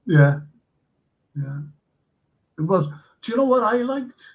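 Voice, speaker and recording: A man's voice: high voice, sing-song, takes it slowly. A man hosting a live stream, reading viewer comments aloud and chatting casually with fillers. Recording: dull lo-fi stream audio.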